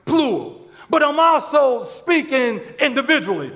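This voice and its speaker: A pastor preaching a sermon, with constant "uh, uh" restarts and bursts of shouted emphasis. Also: male voice, very high-pitched, very animated, unhurried. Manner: stammering restarts, strings of "uh, uh, uh". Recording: long hall reverb.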